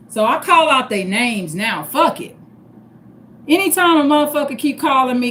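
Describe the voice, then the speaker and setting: A woman's voice: fairly high pitch, slight background noise. Blunt, profane middle-aged woman livestreaming. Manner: blunt, profane, addresses viewers as y'all. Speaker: livestream host. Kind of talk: unscripted livestream talk.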